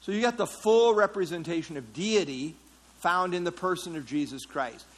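A man's voice: high voice, normal speed, rough recording. A man leading an interactive Bible study, explaining a passage in a conversational way and putting questions to the class. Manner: conversational, asks the class questions, frequent fillers. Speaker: Bible teacher.

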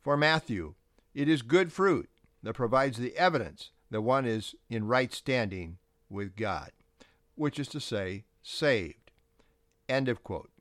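A male pastor delivers a sermon with forceful, emphatic stresses. His voice sits at a middling pitch. The recording is dry and close, with no room sound. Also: animated, slow, dry recording.

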